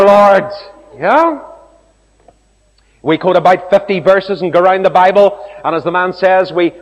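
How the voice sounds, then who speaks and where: A male preacher giving an animated sermon, telling stories and acting out the voices of the people in them. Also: sits high, muffled recording. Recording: long hall reverb.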